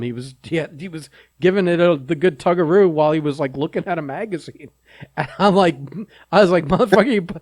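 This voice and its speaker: A man's voice: fairly high pitch, dry recording. A man co-hosting a podcast in casual chat, laid-back and wry, chiming in with jokes. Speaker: podcast co-host. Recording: dry close sound.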